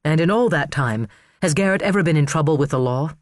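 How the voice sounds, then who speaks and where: A man voicing a calm, persistent male defense lawyer who questions in a measured, prodding way. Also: on the high side, no echo, clean studio sound, close to an everyday voice. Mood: coaxing.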